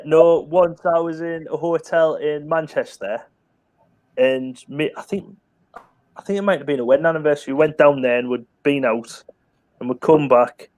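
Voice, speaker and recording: A man tells a lively, rambling story and acts out everyone's lines as he goes. The sound is close and dry, with no room around it. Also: a little high, dry recording. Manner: lively anecdotal storytelling, acting out other people's lines. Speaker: guest on a chat stream. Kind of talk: casual chat, telling a funny story.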